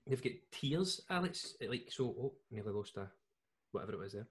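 A man's voice: mid-range voice, very animated, moderate pace. A Scottish man co-hosting a podcast, chatting casually in a jokey, rambling way with lots of restarts. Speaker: podcast co-host. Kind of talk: casual chat.

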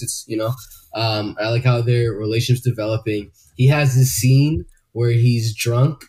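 Male podcast co-host, middle pitch, relaxed profane chatter. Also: moderate pace. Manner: loose and profane, many fillers. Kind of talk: casual chat.

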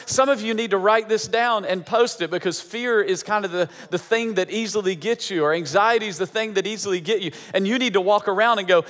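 Male pastor, high voice, emphatic repetitive sermon delivery, hall reverb. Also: a little fast, few pauses, fairly bright tone. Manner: emphatic, repeating phrases for effect.

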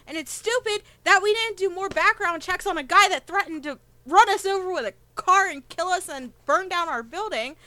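High, bright-voiced exasperated woman player. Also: animated, normal speed, few pauses, no room sound. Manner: exasperated, swearing, sarcastic. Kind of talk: in-character tabletop play.

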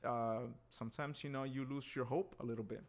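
A man appearing as a podcast guest speaks earnestly in a relaxed, conversational tone. He sounds sincere and encouraging throughout, with a middling pitch for a man. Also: a little fast. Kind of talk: casual faith talk.

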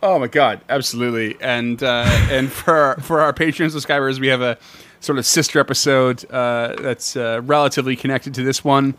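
A man's voice: mid-range voice, steady tone, normal speed, fairly bright tone. A man co-hosting a casual podcast chat, talking with many fillers and restarts and laughing often. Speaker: podcast co-host.

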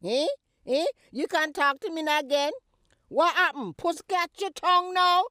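A woman's voice: on the low side, animated, a little slow, no echo, voice pushed down. A woman playing a mocking Jamaican mother. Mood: mocking scolding. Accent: Jamaican patois. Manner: teasing, scolding, big swoops and cackles. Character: scolding older Jamaican mother, sharp-tongued and mocking. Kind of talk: comedy skit monologue.

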